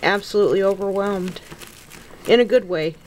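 A woman's voice: mid-range voice, darkish tone, a little hiss or hum. A middle-aged woman crafter chatting to camera as she unboxes a gift package, gushing, gasping and close to happy tears. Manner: slow, gushing, gasping and near tears with gratitude. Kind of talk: casual unboxing chat to camera.

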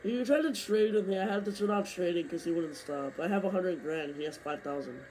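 Young man, high-pitched voice, racing game commentary, excitable outbursts, grumbling, strained voice, faint hiss. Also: brisk. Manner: excitable, complaining, bursts of yelling. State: losing his voice. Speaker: gaming streamer. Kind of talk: live gameplay commentary.

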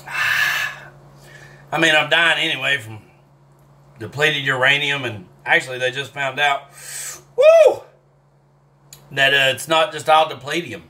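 With a medium-pitched, bright and forceful voice at a measured pace, a man eats hot sauce on camera for a casual self-filmed vlog. He sweats as his mouth burns, drawling, swearing and groaning between bites.

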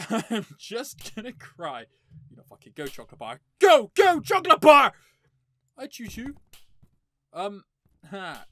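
A woman's voice: fairly high pitch, huge pitch swings, measured pace, long pauses, fairly bright tone, no room sound. A young woman commentating her play of a horror game, panicking, laughing and swearing at it. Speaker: gaming YouTuber.

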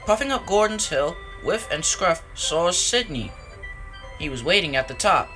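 Man reading a storybook slowly. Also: on the high side, faint music behind. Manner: slow, lively, expressive reading. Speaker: narrator.

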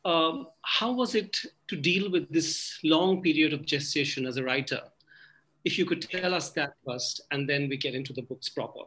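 A man hosts a literary conversation with a bright, forceful voice pitched a little high. He hedges as he talks, circling through fillers before he reaches his question. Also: normal speed, low-quality recording. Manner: hesitant, filler-laden phrasing. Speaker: moderator of an author conversation. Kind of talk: literary panel moderation.

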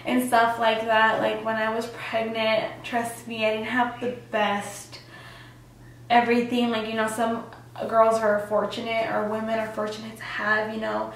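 A woman's voice: a little high, monotone, unhurried, distant mic, a little hiss or hum. Chatty young woman in echoey room. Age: young adult. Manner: chatty, many fillers, acts out quotes. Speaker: vlogger. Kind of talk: personal story vlog.

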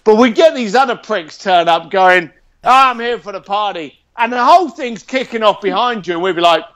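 Interview guest: man with a high voice, blunt, animated storyteller, swears. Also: a little fast. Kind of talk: casual storytelling.

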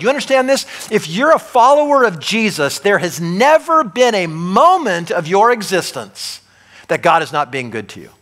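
A man's voice: high-pitched, fairly bright tone. A man preaching a sermon as pastor in a church, talking conversationally and often checking in with the congregation.

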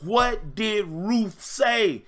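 A man's voice: sits high, expressive, extremely slow, fairly bright tone. Emphatic preacher-style male dating coach. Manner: preacher-like call and response; emphatic and repetitive. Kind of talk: livestream motivational talk.

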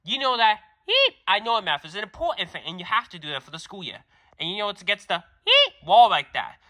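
A man voicing an angry, strict father who lectures and shouts at his son in a fan-made cartoon skit. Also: sits high, wildly swooping pitch, brisk, voice pushed up, exaggerated voice.

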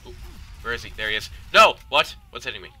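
A teenage boy talks through a shooter match as he plays, his tone sharp and very bright. His pitch leaps about constantly as he yelps and swears at the game. He mixes in jokey, mock-dramatic asides. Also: very animated, quick pace, husky. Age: teens. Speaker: gaming YouTuber. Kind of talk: live gameplay commentary.

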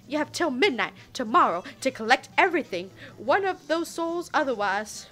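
A woman reading the lines of a menacing male devil with a Southern US accent, slow and roaring. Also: high-pitched, big pitch swings, bright, forceful tone, exaggerated voice.

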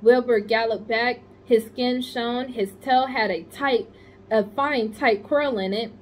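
A woman reads a children's novel aloud to pupils in the manner of a school psychologist. Her voice sits a little high and stays expressive, and she corrects small slips without fuss. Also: takes it slowly. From United States. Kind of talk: children's book read-aloud.

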